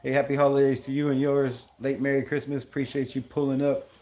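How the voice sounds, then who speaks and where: A man hosting a live game-watch stream, excitable and blunt, calling plays, griping about flags and greeting chat viewers. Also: medium pitch, a little fast. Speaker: livestream host.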